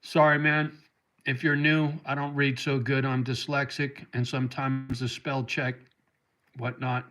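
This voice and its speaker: A man's voice: medium pitch, flat delivery, a little slow. A middle-aged man hosting a casual livestream, reading viewer comments aloud and answering them with heartfelt talk that gets choked up about dogs. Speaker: livestream host.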